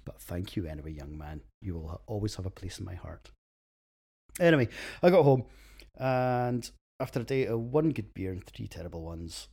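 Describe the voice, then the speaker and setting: A man's voice: on the low side, big pitch swings, normal speed, gravelly, dark tone, breathy edge. A Scottish man hosting a beer podcast, reading a casual, crude, self-mocking script and laughing at his own jokes.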